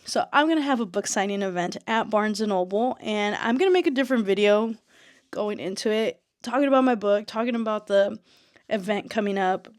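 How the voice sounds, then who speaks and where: Young woman, casual vlogger, excitable storyteller, a bit breathless, medium pitch, close dry mic. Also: fairly quick, dry recording. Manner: chatty, excitable, many fillers and restarts. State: slightly out of breath. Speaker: author and vlogger.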